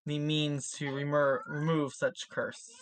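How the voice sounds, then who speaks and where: A player speaking in character in a tabletop game, halting and full of fillers. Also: medium pitch, level tone, no echo.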